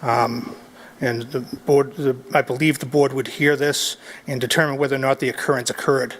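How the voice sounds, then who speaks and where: A man's voice: mid-range voice, steady tone, moderate pace, a bit bright. A man at a board meeting raising a formal point of procedure. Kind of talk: meeting discussion.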